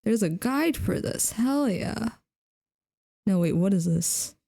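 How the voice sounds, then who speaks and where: Woman streamer for game commentary, playful, laughs a lot, slow and mellow delivery. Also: medium pitch, lively intonation, creaky. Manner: playful, laughs often, talks to viewers.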